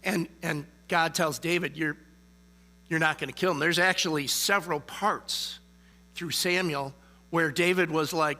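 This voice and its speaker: Bright-voiced man preaching casually. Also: a little high, fairly even intonation, unhurried. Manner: conversational, frequent "okay?" check-ins. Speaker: lay preacher. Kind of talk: casual sermon.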